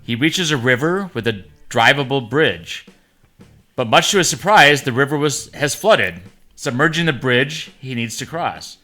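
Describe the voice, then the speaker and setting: A man's voice: mid-range voice, lively intonation, measured pace, sharp tone, faint music behind. A man co-hosting a casual tasting show, chatting and reading long jokes aloud with small slips. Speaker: podcast co-host. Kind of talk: casual chat and joke reading.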